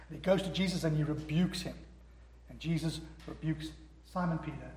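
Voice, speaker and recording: Brief: male pastor, high voice, emphatic sermon delivery, acts out scripture dialogue, long hall reverb. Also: a little fast, a little mellow, slight background noise. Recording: echoey hall.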